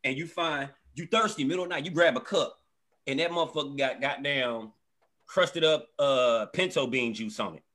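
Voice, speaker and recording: A man hosting a live comedy show, telling profane, animated stories about his kids and wife and acting them out. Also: mid-range voice, normal speed. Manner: profane, animated storytelling that acts out family members. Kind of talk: stand-up storytelling. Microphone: live stream.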